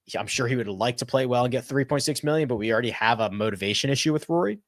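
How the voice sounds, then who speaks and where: A man hosting a casual live-stream chat, thinking out loud and correcting himself as he answers viewer questions. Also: mid-range voice, dry recording, clean studio sound. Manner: animated and chatty, thinks out loud with quick self-corrections. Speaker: host of a golf betting and fantasy live chat.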